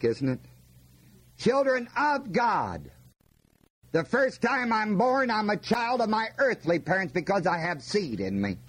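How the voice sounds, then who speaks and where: A man's voice: high-pitched, husky. A man preaching a folksy Bible-teaching sermon, often asking his listeners questions and leaning hard on key words. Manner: folksy, asks the audience questions, stresses words.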